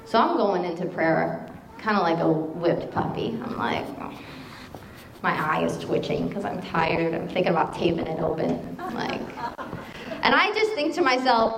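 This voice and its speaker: A woman delivers a sermon in a lively, conversational manner, mixing stories with scripture quotations. Her voice sits in the mid range at a moderate pace, but the audio is poor, with an echoey room and a faint hiss or hum.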